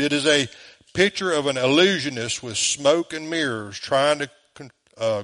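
A man's voice: medium pitch, fairly bright tone. A man with a Southern US accent, preaching a sermon as pastor, emphatic and full of rhetorical questions, in a church.

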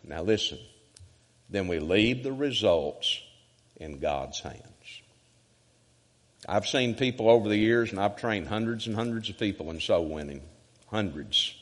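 A male evangelist preaching a sermon emphatically and rhythmically, swinging from loud to hushed. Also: lowish voice. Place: church sanctuary. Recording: church sanctuary with long reverb.

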